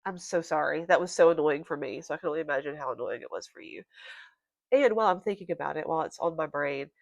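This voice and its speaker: A woman's voice: low voice, lively intonation, fast talker, gravelly, no echo, dull audio. Congested, nasal woman chatting casually. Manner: chatty, rambling, apologetic. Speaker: crochet vlogger. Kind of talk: casual show-and-tell chat.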